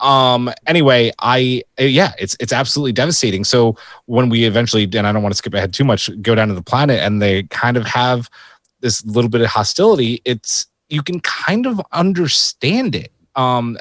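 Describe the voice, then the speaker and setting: A man's voice: medium pitch, fairly bright tone, no room sound. A man co-hosting a podcast, chatting casually and rambling through his thoughts. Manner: rambling, restarts mid-thought. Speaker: podcast co-host. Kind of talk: casual review chat.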